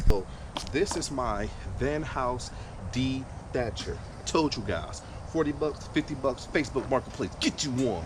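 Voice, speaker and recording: A man hosting a casual lawn-care vlog in his backyard, chatty and laid-back, hyping himself up. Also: mid-range voice. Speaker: lawn care channel host. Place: backyard, outdoors. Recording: outdoor noise.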